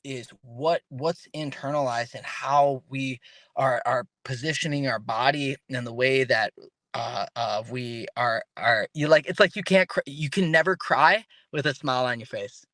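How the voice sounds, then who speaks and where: A male podcast guest in an interview talks in an unhurried, mid-range voice, yet stays casual and animated. He tends to begin sentences again and acts out quoted voices, and there's no room sound.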